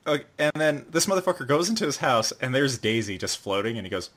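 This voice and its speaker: A man's voice: medium pitch, big pitch swings, quick pace, a bit bright. A man hosting a casual podcast chat, leading the discussion in a loose, profane way with plenty of fillers. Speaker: podcast host.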